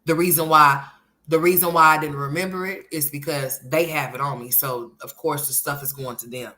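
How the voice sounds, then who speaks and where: Chatty woman on a livestream, calls the chat honey, bright edgy voice, sits a bit low. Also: normal speed. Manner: chatty and emphatic, calls viewers honey and sweetheart; swings between loud animated bursts and soft murmurs. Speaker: livestream commentary host. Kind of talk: casual livestream commentary, reading viewer chat.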